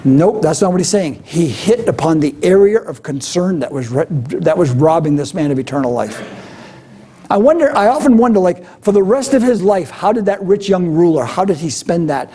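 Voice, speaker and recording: A man preaching a sermon with animated delivery, moving between loud emphatic lines and quiet, low intensity. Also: moderate pace. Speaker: pastor.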